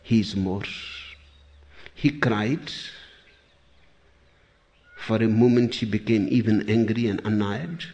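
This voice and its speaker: A man giving a spiritual discourse, deliberate, pausing often, with sudden emphatic lines. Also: on the low side, mellow, muffled recording. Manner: slow, deliberate, with long pauses and sudden emphasis. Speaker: spiritual teacher.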